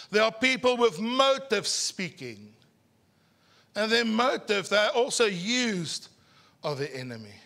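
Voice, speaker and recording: Animated South African pastor, high bright voice. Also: male voice. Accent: Afrikaans South African. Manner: animated, teasing, slows words for emphasis. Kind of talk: sermon. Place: church service.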